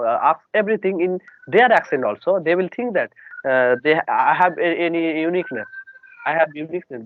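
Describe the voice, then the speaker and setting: A man's voice: fairly high pitch, a little hiss or hum. A man with an Indian English accent, a native Bengali speaker, practicing English in casual conversation, talking hesitantly with many fillers over a video call. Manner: hesitant, full of "you know" and "uh" fillers. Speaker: English learner. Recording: tinny phone-like video call line.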